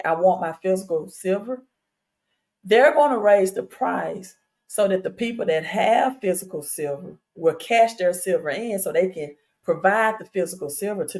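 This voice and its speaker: A woman with a lowish, slightly mellow voice hosts a casual crypto livestream on a streaming setup, addressing viewers directly in a chatty, insistent way with fillers and repeated questions.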